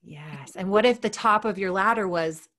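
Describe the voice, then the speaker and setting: A woman gymnastics coach chatting on a podcast through an earbud mic, acting out quotes with big jumps in pitch. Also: normal speed, fairly bright tone. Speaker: gymnastics mindset coach, guest. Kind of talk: casual podcast chat.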